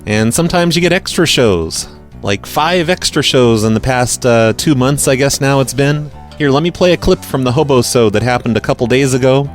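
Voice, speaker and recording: Sarcastic guy hosting a prank call show, stammers a bunch, medium voice, quiet music behind. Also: mid-range voice, moderate pace. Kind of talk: casual podcast commentary.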